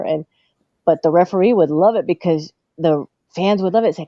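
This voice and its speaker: A woman's voice: normal speed, warm tone, no echo. A woman, a guest on a talk show, telling childhood stories in casual chat and acting out the voices in them. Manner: acts out childhood dialogue in a higher voice, laughs often. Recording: dull, dry radio studio sound.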